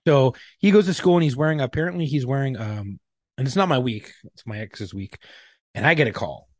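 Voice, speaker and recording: A man in his thirties cohosting a podcast, telling a story with plenty of swearing. His voice is husky and sits in a middle pitch. The sound is dry and close. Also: expressive, fairly quick, a little mellow, no room sound. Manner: profane, blunt storytelling. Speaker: podcast co-host. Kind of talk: casual storytelling chat.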